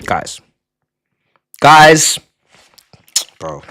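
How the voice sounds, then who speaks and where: A man, chatting live on stream to his viewers, excitable, repeating and stumbling over words, sometimes shouting. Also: extremely slow. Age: 20s. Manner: shouts in bursts, then drops to low mutters. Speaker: livestreamer.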